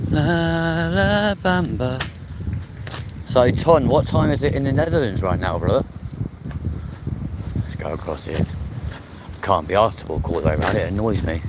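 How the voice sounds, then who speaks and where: A man, chatting bluntly and swearing freely while live-streaming on a walk through a city park. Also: mid-range voice. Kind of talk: casual walking live stream. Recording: loud outdoor wind and street noise. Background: wind and traffic noise.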